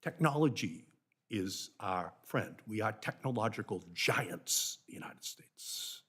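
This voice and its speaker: An older man from Massachusetts with a Boston accent, a senator making impassioned committee remarks in a hearing room, swinging from loud emphatic bursts to near-whispers. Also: lowish voice, expressive, unhurried, slightly rough.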